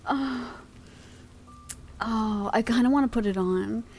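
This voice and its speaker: A woman's voice: fairly high pitch, slow, darkish tone, a little hiss or hum. A woman streamer chatting casually with her live chat, giggly and swearing freely, at a desk microphone at home.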